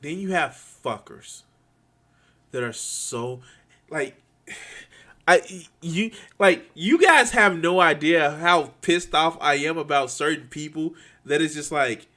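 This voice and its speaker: High, bright-voiced man ranting. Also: expressive. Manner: profane, halting, many restarts; swings between quiet and loud. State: angry and frustrated. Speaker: streamer ranting to viewers. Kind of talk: angry unscripted rant.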